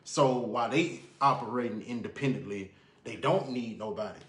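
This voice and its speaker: A man's voice: mid-range voice, moderate pace, a bit bright. A man, guesting on a casual live stream with a mid-range voice. He explains his views steadily and backs them with everyday examples. The recording has a roomy echo. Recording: echoey room.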